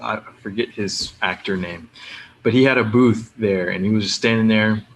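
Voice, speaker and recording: A man, a guest on a podcast, telling anecdotes in a lively, casual way and acting out the people he quotes. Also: fairly low pitch, moderate pace, a little hiss or hum. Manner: animated storyteller who acts out the people he quotes.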